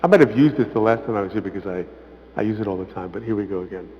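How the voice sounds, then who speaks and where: A man's voice: fairly low pitch, very fast. Visiting priest, man, casual teaching voice, brings quotes to life, echoey hall with muffled sound. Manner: conversational, often tags "right?"; acts out quotes with lively emphasis. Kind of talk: informal parish talk. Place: church hall.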